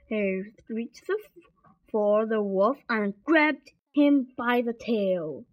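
A woman reads a children's story aloud in a simple, deliberate way. Her voice sits fairly high and she reads slowly. The recording is dull and lo-fi. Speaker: story reader.

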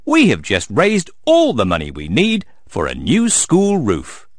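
A man's voice: medium pitch, huge pitch swings, unhurried, no room sound, clean studio sound, voice pushed up. A man doing a prim gazelle teacher lady. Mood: delighted. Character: genteel female gazelle teacher.

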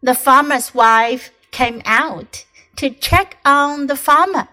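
A woman English teacher reading a children's picture book aloud, slow, deliberate and expressive. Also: high voice.

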